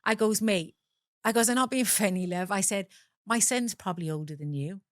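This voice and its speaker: A woman's voice: mid-range voice, moderate pace, no room sound, studio quality. A middle-aged woman from Wales with a South Welsh accent, a guest telling her own story candidly, swearing freely and acting out the voices of people in it.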